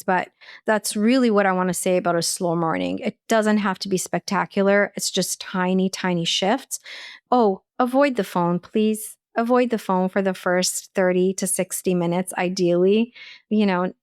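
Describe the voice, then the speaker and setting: A woman's voice: on the low side, dry recording, clean studio sound. A woman, a holistic nutritionist and life coach, giving earnest, practical advice as an interview guest, with a sprinkling of "like" and "you know".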